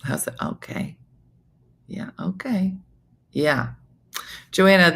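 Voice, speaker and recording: A woman comedian hosting a morning show, telling a chatty, animated story with frequent asides. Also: sits low, creaky, a little hiss or hum. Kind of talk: casual comic storytelling.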